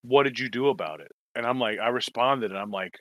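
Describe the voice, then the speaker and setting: A man's voice: medium pitch, a little fast, a bit bright, no echo. A man telling a long story in casual chat, swearing and rambling, acting out quoted lines. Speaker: toy collector telling a story.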